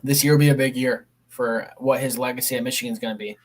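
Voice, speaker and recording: Male guest, mid pitch, blunt, casual sports talk. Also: steady tone, fast talker. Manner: blunt, quotes stats. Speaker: podcast guest.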